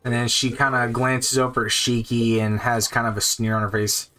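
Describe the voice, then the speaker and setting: A man running a tabletop game as game master, narrating scenes in slow, descriptive, pausing speech. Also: medium pitch, little pitch movement, bright, forceful tone. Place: home streaming setup.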